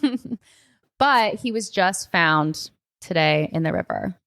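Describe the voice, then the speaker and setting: A woman's voice: lowish voice, animated, slow, a bit bright. A young adult woman hosting a podcast in casual chat, rambling and filling her talk with "like.". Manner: chatty, rambling, heavy use of filler "like". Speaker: podcast host. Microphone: podcast microphone.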